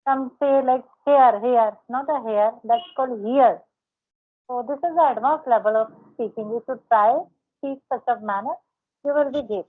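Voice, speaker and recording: A fairly high-voiced woman coaching a learner over an online call, often repeating words as she works through how they should sound. The audio is narrow and tinny, like a phone line. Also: a little fast, husky. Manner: repeats words while correcting pronunciation. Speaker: host, English speaking coach. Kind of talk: casual practice conversation.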